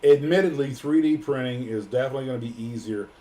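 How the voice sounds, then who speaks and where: A man's voice: medium pitch, fast talker, warm tone. An American man hosting a casual livestream, joking and rambling with plenty of fillers. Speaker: livestream host.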